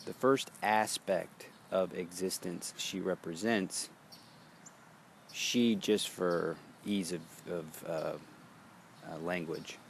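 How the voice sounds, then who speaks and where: Male meditation guide: deep, gravelly voice, unhurried delivery, faint noise underneath. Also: steady tone. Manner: slow, measured, pausing between phrases.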